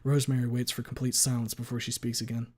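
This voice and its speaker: A man's voice: medium pitch, flat delivery, quick pace, a little mellow. Man casually reading a story on stream. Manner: reads steadily, owns up to slips with playful asides.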